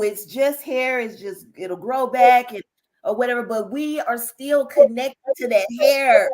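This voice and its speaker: Animated woman telling her story. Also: fairly high pitch, moderate pace, poor audio. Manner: animated, repeats herself, talks straight to listeners. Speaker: guest, author. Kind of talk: casual interview storytelling.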